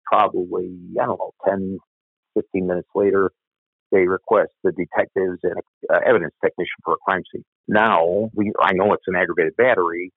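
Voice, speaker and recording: Gravelly low-voiced older man. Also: fairly even intonation, moderate pace, no echo. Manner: blunt, profane. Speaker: retired police officer. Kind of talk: storytelling interview. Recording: tinny phone-like line.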